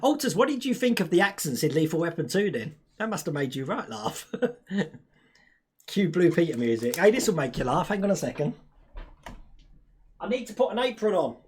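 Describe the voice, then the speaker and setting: A man's voice: sits high, very animated, a little fast, a little hiss or hum. A young man hosting a casual live stream, chatting, laughing often and reading out viewer comments.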